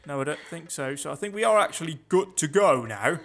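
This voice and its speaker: A man's voice: on the high side, animated, fairly quick, vocal fry, fairly bright tone. A man giving casual, sarcastic commentary while playing a video game, talking to himself. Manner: chatty, sarcastic, muttering to himself. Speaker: gameplay commentator. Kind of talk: casual let's play commentary.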